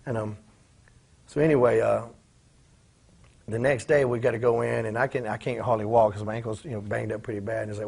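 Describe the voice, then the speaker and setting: Fast-talking gravelly man swearing. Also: lowish voice, steady tone, darkish tone. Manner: profane, acts out quoted voices in his stories. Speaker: former pro wrestler, interview guest. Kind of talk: casual storytelling in a shoot interview.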